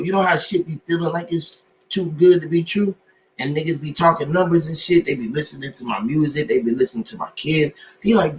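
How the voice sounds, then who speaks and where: A man in casual podcast chat, telling stories in an animated way and acting out what others said to him. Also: a little high, a little fast, a little hiss or hum, low-quality recording.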